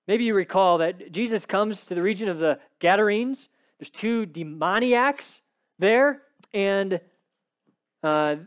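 A man preaching a sermon in a fervent, emphatic way, moving between loud exhortation and hushed lines, with conversational asides and repeated phrases. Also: high-pitched. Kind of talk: expository sermon.

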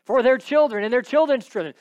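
High-voiced emphatic male preacher. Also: expressive, fast talker, a little mellow, no echo, lo-fi sound. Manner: emphatic teaching tone, often checks in with "right?". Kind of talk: sermon with scripture reading.

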